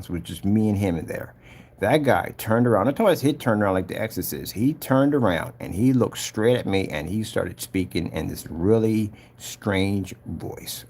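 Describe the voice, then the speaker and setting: A man's voice: sits low, a little mellow, husky. Earnest preachy man telling his story. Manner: earnest, preachy, retells events with acted-out voices. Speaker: vlogger giving a personal testimony. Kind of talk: casual spoken testimony.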